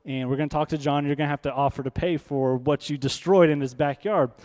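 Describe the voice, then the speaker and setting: Stern, shouting father, put on by a man preacher, raised voice, long room reverb. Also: fairly high pitch, fairly even intonation, fast, voice pushed down, close to an everyday voice. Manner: yelling, stern. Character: angry father shouting at his son.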